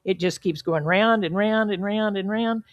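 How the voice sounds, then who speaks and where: A woman giving an inspirational sermon as a guest speaker, telling a story in an earnest, measured way with emphatic pauses. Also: medium pitch, no room sound, muffled recording. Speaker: guest speaker at a spiritual center.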